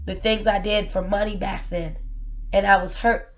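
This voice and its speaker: A woman's voice: mid-range voice, steady tone, normal speed, muffled recording. Earnest woman in an emotional vlog. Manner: emotional, earnest, repeats words, rhetorical questions. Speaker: single mother sharing her story. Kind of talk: personal vlog monologue.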